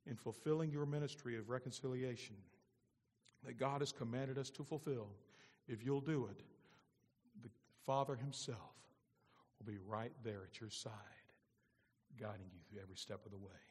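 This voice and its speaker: A man preaching a sermon as pastor, moving between loud emphatic lines and soft, low-spoken asides. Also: fairly even intonation, normal speed, long pauses, husky, big-room sound.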